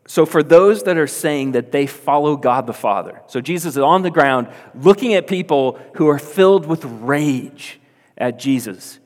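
A man's voice: mid-range voice, lively intonation, measured pace. A man preaching a sermon as pastor, earnest and building to emphatic, insistent peaks. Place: church hall. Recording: long hall reverb.

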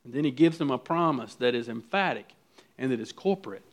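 A man's voice: medium pitch, lively intonation, brisk. A man preaching a sermon as pastor, earnest and building to emphatic peaks, with frequent restarts.

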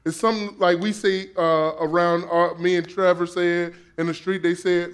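A man's voice: high voice, little pitch movement, normal speed, hardly any pauses, clean tone. A man preaching a sermon in a conversational, playful way, using slang and acting out quoted voices. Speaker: pastor.

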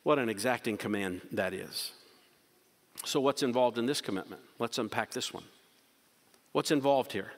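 A man preaching a sermon as pastor, impassioned, swinging between loud urgent questions and quiet emphasis. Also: mid-range voice, normal speed, long pauses. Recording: hall reverb.

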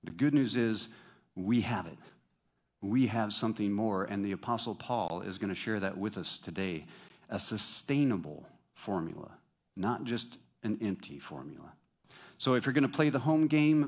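A man preaching a sermon to his congregation, lively and joking with them, singing bits and asking the crowd questions. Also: lowish voice. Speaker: pastor.

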